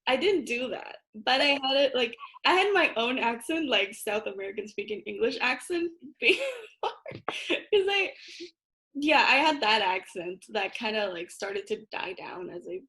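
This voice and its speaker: A woman's voice: fairly high pitch, lively intonation, normal speed, sharp tone. A young woman from Paraguay, a guest in a casual chat, chatty, filling her talk with little fillers and laughing often.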